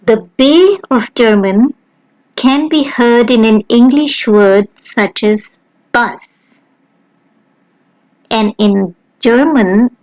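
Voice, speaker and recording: A woman narrating a beginner language lesson, pronouncing each sound slowly and carefully. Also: on the high side, a little mellow, dry recording, rough recording. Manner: slow, careful, clearly spelled-out pronunciation. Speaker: language teacher. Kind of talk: slow scripted lesson narration.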